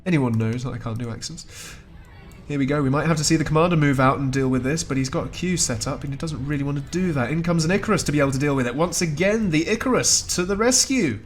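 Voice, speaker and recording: Speaking quickly in a slightly high voice, this host calls a strategy game match with wry, talkative play-by-play. Frequent chuckles punctuate his esports commentary.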